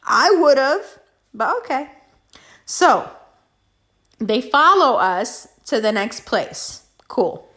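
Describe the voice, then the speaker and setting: A woman telling a story in a vlog, animated and heavy on profanity. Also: high voice, drawn-out words, pauses often.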